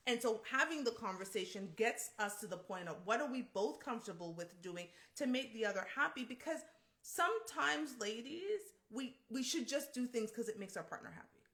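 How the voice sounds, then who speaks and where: A woman's voice: a little high, fairly bright tone. Earnest woman co-host, direct talk. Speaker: podcast co-host. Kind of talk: casual chat.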